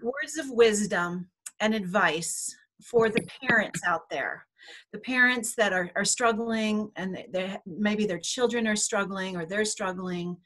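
A woman's voice: medium pitch, unhurried, fairly bright tone. A woman hosting a panel on a video call, talking in a hesitant way with many restarts. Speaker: summit host.

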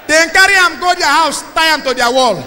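A male comedian with a Nigerian accent performs stand-up in a big hall, his voice high and bright as it bounces off the walls. He hits his lines loudly and punchily and slips into acted voices. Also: brisk. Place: large concert hall. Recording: live show in a big hall, crowd noise.

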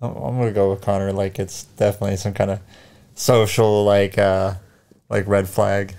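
A man's voice: on the low side, little pitch movement, moderate pace, creaky, a little mellow. A man co-hosting a podcast in casual chat, rambling and joking, laughing a lot. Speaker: podcast co-host.

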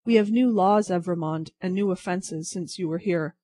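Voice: mid-range voice, normal speed, dark tone, close to an everyday voice. A reader doing a curt hard officer. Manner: stolid, clipped.

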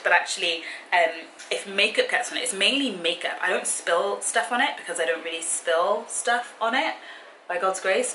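Young woman, chatty vlogger, bright lowish voice, recorded in an echoey room. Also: slight background noise. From Britain. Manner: chatty, easily sidetracked, laughs often. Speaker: fitness vlogger. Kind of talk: casual Q and A chat to camera. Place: hotel room.

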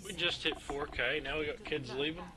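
A man's voice: a little high, normal speed, bright, forceful tone, poor audio. A man on voice chat during an online match, urging his teammates with exasperated pleas. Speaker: streamer. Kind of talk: gaming voice chat.

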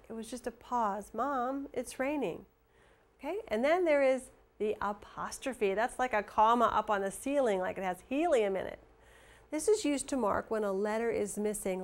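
A woman teacher leading a lesson for young children, reading aloud and explaining punctuation. She speaks slowly and clearly, with an expressive, slightly high voice.

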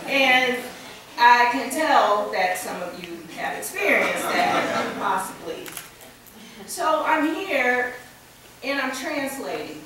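An American woman giving a conference keynote, slightly under the weather with a cold, speaking in a deliberate, measured way with touches of dry humor. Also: a little high, big pitch swings, crowd noise. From United States. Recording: echoey hall from far off, faint noise.

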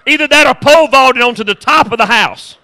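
A man's voice: very high-pitched, fairly quick, vocal fry, pushed and bright. A male pastor preaching a sermon with impassioned repetition and humorous storytelling.

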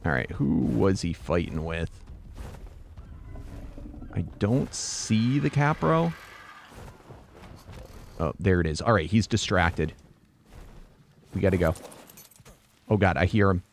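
Gravelly man yelping over gameplay. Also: sits low, expressive, takes it slowly, pauses often, a little hiss or hum. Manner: frantic yelps swinging to muttered groans. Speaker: gameplay streamer. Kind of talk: live gameplay commentary.

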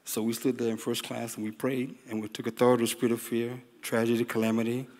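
A middle-aged man, a flight attendant, giving an earnest, halting testimony on stage with many fillers. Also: medium pitch, little pitch movement, darkish tone. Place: large meeting hall. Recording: long hall reverb.

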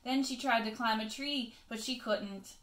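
A woman teacher reading a picture book aloud to children, expressive, with chatty asides to her pupils. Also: on the high side, normal speed, roomy sound.

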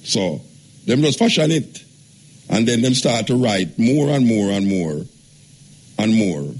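A man with a Jamaican accent hosting a call-in radio show, talking in a relaxed, joking way with patois. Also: lowish voice, takes it slowly, husky. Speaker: radio talk show host. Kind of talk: casual call-in radio talk.

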